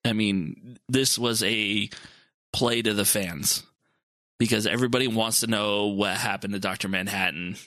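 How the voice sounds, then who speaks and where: A man's voice: on the low side, steady tone, normal speed, pushed and bright, no room sound. A man hosting a casual podcast, chatting loosely and introducing the episode. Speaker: podcast co-host.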